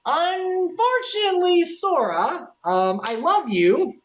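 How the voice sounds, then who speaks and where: A woman streamer talks casually over a game recap, joking and excitable, and throws quick asides to her chat. Her pitch swings in a lively way. The audio is dull and lo-fi. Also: slight background noise.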